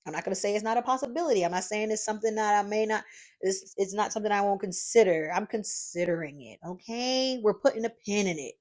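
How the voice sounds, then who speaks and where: A woman's voice: medium pitch, fast. Chatty, encouraging woman podcast host. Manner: lively, chatty, encouraging, calls listeners "y'all" and "child". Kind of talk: casual solo podcast monologue. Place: home office craft room.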